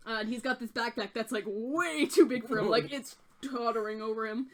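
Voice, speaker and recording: A woman's voice: a little high, brisk. A woman narrating a tabletop game as game master, descriptive and full of "uh" fillers.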